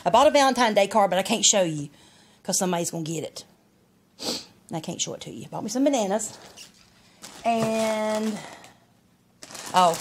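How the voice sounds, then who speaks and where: A woman's voice: mid-range voice, noisy background. A woman chatting casually in a haul vlog, folksy and rambling as she shows off what she bought. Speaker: vlogger.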